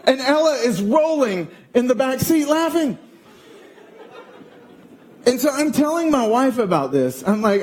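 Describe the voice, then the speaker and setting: A man in his thirties preaching a sermon as pastor, telling a family story with animated, acted-out quotes. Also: extremely high pitch, measured pace, pauses often, a little hiss or hum. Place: church auditorium.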